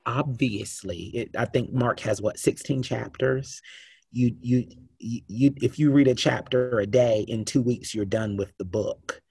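Addressing a church congregation about a reading plan, an earnest man with a mid-range, slightly slow and mellow voice reads scripture aloud, often stumbling and restarting his sentences. His tone carries a husky, slightly breathy edge. The recording is dry and close, with no room echo.

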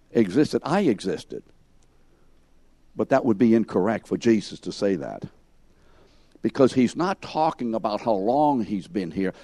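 A man teaching a Bible class at an unhurried pace, his voice mellow and dark. He puts questions to his students and calls on them by name. He stresses his points and walks them through the scene as if they were there. The sound is dry and close. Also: on the low side, no room sound. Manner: emphatic, acts out scenes in second person.

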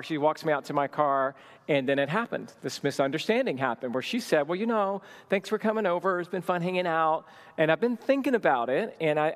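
A man's voice: sits high, in a large hall. A man in his thirties telling a personal story at a marriage teaching session, acting out the dialogue with lots of energy. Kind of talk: storytelling talk.

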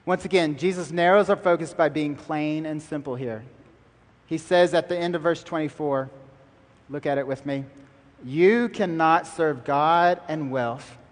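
A man's voice: a little high, steady tone, normal speed, big-room sound. A man preaching a sermon as pastor, emphatic and building through repeated lines.

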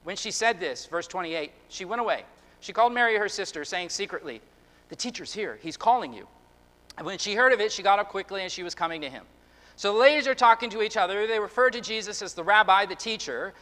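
A man preaching a sermon as pastor, earnest and halting, often restarting his words. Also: sits high, sharp tone. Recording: long reverb of a hall.

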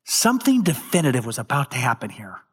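A male pastor preaching a sermon, retelling a scripture story with dramatic emphasis and occasional loud peaks. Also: medium pitch, wildly swooping pitch, fast, husky.

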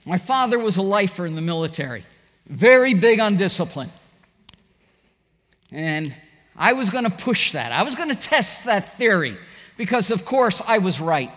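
A man's voice: high-pitched, big pitch swings, normal speed, a bit bright, big-room sound. A middle-aged man preaching a sermon, telling stories animatedly and acting out the quoted voices. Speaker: pastor.

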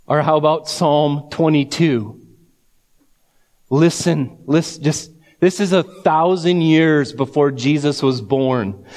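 A man's voice: a little high, takes it slowly, a little mellow. A man preaching a sermon, reading scripture aloud and building to fervent emphasis. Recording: long hall reverb.

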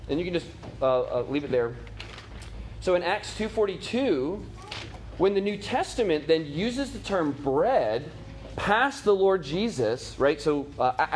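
A man's voice: on the high side, slight background noise. A man teaching a catechism class, talking casually to his students with many fillers, restarts and "right?" check-ins. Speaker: Bible teacher.

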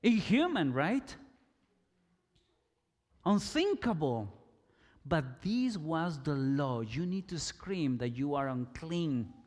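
Male preacher, fairly high voice, deliberate slow delivery, big hall reverb. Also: very animated. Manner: slow and emphatic, with bursts of loud shouting. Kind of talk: sermon.

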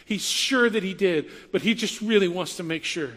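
A man preaching in a sermon voices an anxious male messenger who pleads in hurried, rising questions. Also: high-pitched, fairly bright tone, big-room sound.

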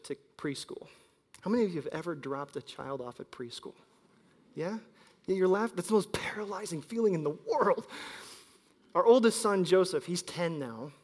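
A man in his thirties preaching a sermon as pastor, telling stories and swinging between loud emphasis and quiet asides. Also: high voice. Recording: long hall reverb.

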